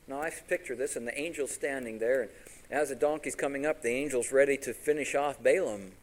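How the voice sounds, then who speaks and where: A man's voice: mid-range voice, a little fast, poor audio. A man preaching a sermon, retelling a story with acted-out voices and questions to the congregation. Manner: animated, acts out each character's lines in the story.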